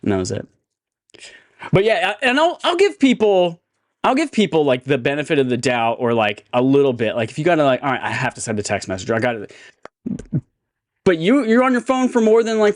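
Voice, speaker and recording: A man co-hosting a casual podcast, telling stories in an animated, profane way. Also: sits high, brisk, no echo, studio quality. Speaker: podcast co-host. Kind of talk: casual chat, storytelling.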